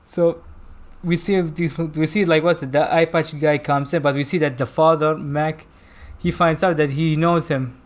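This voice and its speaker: Chatty non-native man, rambling, higher voice. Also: steady tone, moderate pace. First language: not English. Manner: rambling, searches for words, laughs often. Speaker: podcast co-host reviewing a film. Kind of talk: casual chat.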